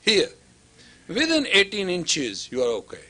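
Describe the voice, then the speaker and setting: A man's voice: high-pitched, huge pitch swings, measured pace, sharp tone. A man lecturing as a spiritual teacher, emphatic and repetitive, sometimes dropping to a whisper for emphasis. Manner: emphatic, repetitive, acts out dialogue. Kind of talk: lecture to students.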